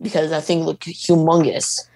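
A man guesting on a casual podcast, talking haltingly with frequent "um"s. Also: fairly high pitch, level tone, gravelly, dark tone. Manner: hesitant, halting with "um".

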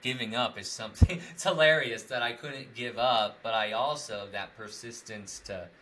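A man's voice: medium pitch, normal speed, noisy background. A young man in casual conversation, rambling with many fillers and frequent laughs. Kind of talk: casual chat.

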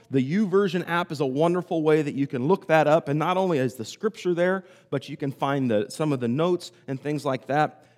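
A man preaching a sermon, telling a story in a conversational way and pausing often. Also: a little high, darkish tone. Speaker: pastor. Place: church sanctuary. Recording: hall reverb.

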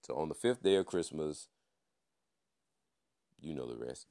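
A man's voice: rumbling low, expressive, a little slow, dark tone. A man hosting a podcast, giving a casual news and sports recap in a laid-back way, peppering his talk with "man" and playful wordplay. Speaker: podcast host.

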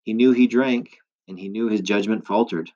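A wise, gentle old woman speaks in a calm, measured storybook voice, as a man reads her lines. The tone sits fairly low, and the recording sounds a little dull and lo-fi. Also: natural voice.

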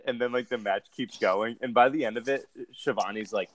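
A man's voice: on the low side, brisk, a bit bright. A man co-hosting a wrestling podcast, talking loosely and swearing freely in casual chat. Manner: laid-back, swears freely, loose rambling delivery. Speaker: podcast co-host.

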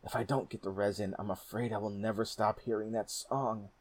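A man's voice: lowish voice, steady tone, brisk, darkish tone, close to an everyday voice. A man voicing a blunt, impatient young rider in a storybook reading. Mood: exasperated. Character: young man riding home, stubborn and impatient.

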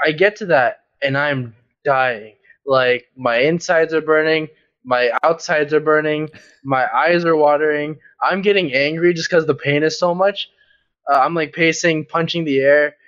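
A young man with a slightly high voice tells a story in a loose, rambling way, stopping and restarting often. His voice sounds dull and lo-fi, like a cheap recording. He talks casually as a podcast co-host. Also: measured pace, clean tone. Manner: rambling, animated retelling with many fillers. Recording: dull lo-fi audio.

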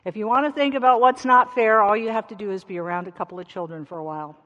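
A woman's voice: medium pitch, fast talker, a bit bright, in a large hall, dull audio. A woman pastor giving a chatty sermon with rhetorical questions in a church sanctuary.

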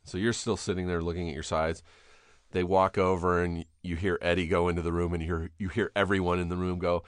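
A middle-aged man hosting a podcast, chatting casually and telling stories with animated impressions and plenty of swearing. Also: deep voice, fairly quick, clean tone, no room sound, studio quality. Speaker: podcast host. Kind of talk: casual chat.

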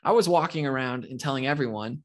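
A man co-hosting a podcast, telling a sports story in an animated, ranting way. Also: medium pitch, fast. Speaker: podcast co-host. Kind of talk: casual podcast chat.

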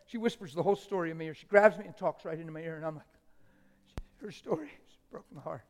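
A man preaching a sermon, dropping to hushed whispers and rising to loud, emotional exclamations. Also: sits high, lively intonation, brisk, long pauses. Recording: long hall reverb with faint music.

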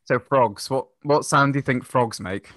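A man guest on a casual podcast, patiently explaining and telling a story with many pauses and ums. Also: mid-range voice, a bit bright, no echo, clean studio sound.

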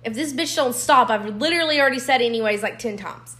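A woman's voice: on the high side, fast. Young woman telling a messy story, cusses a lot, echoey room. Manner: blunt, swears freely, animated storytelling. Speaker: podcast co-host. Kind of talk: casual storytelling chat.

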